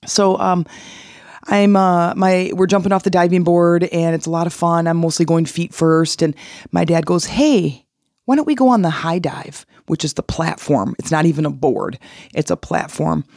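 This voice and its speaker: A podcast host telling a personal story in an animated way, acting out the voices of people in it. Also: medium pitch, moderate pace, gravelly, dry recording, clean studio sound. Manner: animated, acts out quoted voices.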